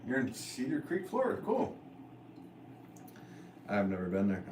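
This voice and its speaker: Potter, male, low-pitched, easygoing and self-mocking live-stream chatter; echoey studio, mic well off, noisy. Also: measured pace. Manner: relaxed, chatty, self-deprecating. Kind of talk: casual live-stream chat while working at the wheel. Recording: echoey room, mic at a distance, background noise.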